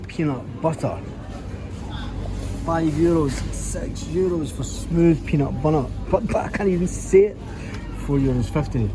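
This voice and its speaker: A man's voice: medium pitch, background noise. A man with a Scottish accent, chatting casually as a vlogger and often exclaiming in disbelief as he goes through shops and sits in a car. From Scotland. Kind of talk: casual vlog commentary.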